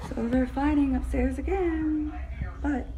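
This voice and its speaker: A woman's voice: sits high, fairly even intonation, a little slow, very noisy. A woman in her thirties, a mother filming a casual home vlog, talking bluntly to her kids and cooing at the family dog. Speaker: mother and vlogger.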